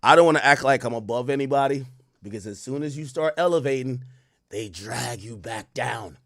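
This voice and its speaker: A man's voice: medium pitch, fairly quick, a bit bright, no room sound, studio quality. A young man hosting a casual livestream, talking loosely and reading out and answering his chat as it comes in. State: worried about losing his voice. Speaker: livestream host.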